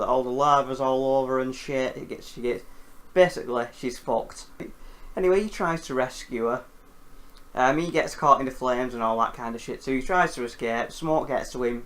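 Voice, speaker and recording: A man hosting a casual film recap, animated and jokey, with casual swearing. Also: mid-range voice. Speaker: film reviewer host.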